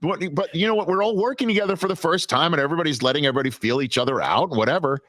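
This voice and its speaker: A male sports broadcaster as an interview guest, telling stories in a lively, casual way with frequent restarts. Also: fairly high pitch, racing, dry recording. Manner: animated storyteller with many restarts.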